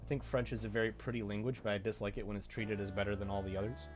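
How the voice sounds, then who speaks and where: A man's voice: lowish voice, level tone, racing, over music. A man streaming a game and chatting casually, breaking into heated, swearing rants. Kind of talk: casual gameplay commentary.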